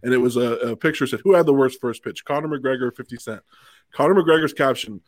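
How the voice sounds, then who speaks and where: A man's voice: mid-range voice, quick pace, dry recording. A man co-hosting a casual podcast chat, talking in a dry, joking way with lots of stop-and-start restarts. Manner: hesitant restarts, dry jokey delivery. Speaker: podcast co-host. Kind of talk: casual chat, reading a caption aloud.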